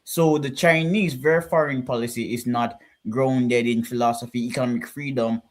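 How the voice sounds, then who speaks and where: A man's voice: medium pitch, steady tone, moderate pace. A man giving casual political commentary on a panel, in an earnest, lecturing way. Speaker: podcast panelist.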